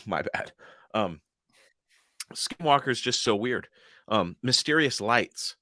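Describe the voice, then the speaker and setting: A man's voice: mid-range voice, expressive, slow pace, bright, forceful tone, no room sound. A young man co-hosting a paranormal podcast in a loose, joking chat, laughing often and swearing freely. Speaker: podcast co-host. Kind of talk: casual chat.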